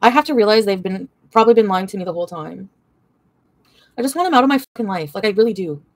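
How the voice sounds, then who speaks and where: A woman's voice: mid-range voice, lively intonation, fast talker, dry recording. A young woman livestreaming an angry, profane, rambling rant full of fillers.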